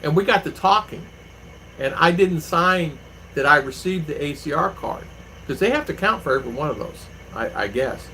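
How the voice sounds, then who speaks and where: A man's voice: fairly high pitch, lively intonation, moderate pace, sharp tone, slight background noise, low-quality recording. A man hosting his own channel, chatting casually with viewers and rambling through stories with lots of fillers. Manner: rambling, anecdotal, with many fillers. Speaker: vlogger, channel host. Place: home in the Philippines.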